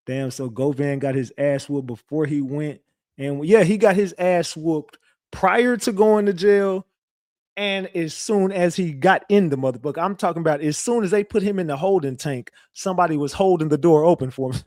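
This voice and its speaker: A man's voice: mid-range voice, normal speed, darkish tone, no room sound. Brash cussing guy on a livestream, bragging, dry close sound. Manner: brash, profane, boastful trash talk. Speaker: online show host. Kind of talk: livestream commentary.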